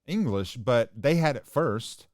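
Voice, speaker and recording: A man's voice: medium pitch, expressive, unhurried, dry recording, clean studio sound. A man co-hosting a radio show, blunt and opinionated in casual banter.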